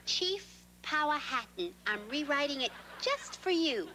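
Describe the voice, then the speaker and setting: A woman's voice: high-pitched, sing-song, slow, sharp tone, a little hiss or hum, exaggerated voice. A woman playing a bossy, manipulative girl puppet who directs a school play. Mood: scheming. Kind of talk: puppet show acting.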